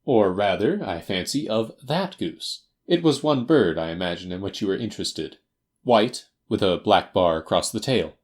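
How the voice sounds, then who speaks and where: A man voicing a confident, faintly teasing detective in a crisp, assured manner for an audiobook. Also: fairly low pitch, animated, normal speed, a little mellow, lightly acted. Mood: cheerful. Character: brisk, confident male detective. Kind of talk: audiobook character voice.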